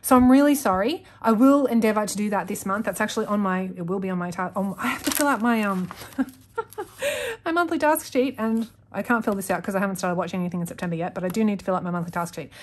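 Animated and quick, this young woman's mid-range voice carries her casual chat to viewers during a planner setup. She rambles and keeps correcting herself.

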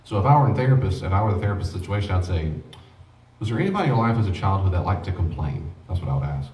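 Man, deep voice, quick talker, folksy teaching, roomy hall, distant mic. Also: animated, darkish tone. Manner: folksy, joking, acts out short quoted exchanges. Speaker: pastor teaching a grief class. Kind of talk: informal church teaching.

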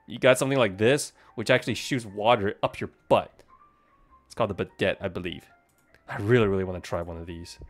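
A man with a lowish, brisk voice streams a game over faint background music, chatting with viewers and reacting to the action on screen. He's talkative, addresses both his chat and the game characters, and gets startled easily during his live commentary.

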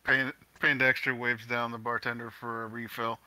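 A man playing in a tabletop game, joking in a deadpan way. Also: medium pitch, normal speed, no room sound, rough recording. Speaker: player. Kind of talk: tabletop role-play chat.

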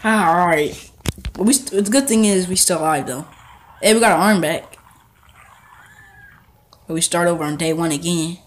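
A young man giving casual gameplay commentary, excitable and talking back to the characters on screen. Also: high voice, moderate pace, long pauses, slight background noise. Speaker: gaming channel host.

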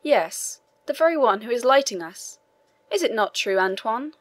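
A man's voice: very high voice, animated, moderate pace, a bit bright, no room sound. A woman reading the part of an obliging man, a prison governor, who explains matters deferentially, in an audiobook. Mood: explaining.

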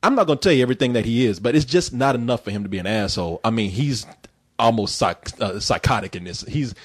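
A man's voice: mid-range voice, lively intonation, fast talker, husky. A man hosting a casual comedic film review chat, laughing often and acting out characters' lines.

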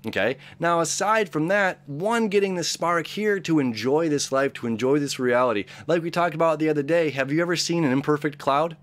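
A man's voice: fairly high pitch, brisk, hardly any pauses, a bit bright. A young man hosting an astrology channel, talking casually and upbeat, rambling with many fillers and acting out little inner voices. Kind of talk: casual spoken astrology reading.

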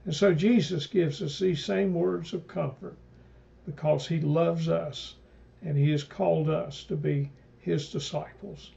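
A man teaching a Bible study in a slow, deliberate, halting way, full of fillers and restarts. His voice is deeply gravelly with a dark, mellow tone and sits a little on the high side for a man. The recording sounds dull and lo-fi. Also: fairly even intonation. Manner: retells scripture, quoting speakers in old-fashioned phrasing. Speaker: pastor leading Bible study. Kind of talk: mid-week Bible study talk.

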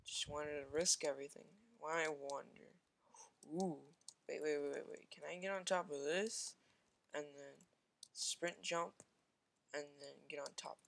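This is a gamer narrating their own shooter match in a loose, rambling way, thinking aloud and poking fun at their own mistakes. The voice sits at an ordinary middle pitch, with repeated quick exclamations and plenty of ums and likes. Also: steady tone, gravelly, a bit bright. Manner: frequent fillers and repeated exclamations. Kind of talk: casual gameplay commentary.

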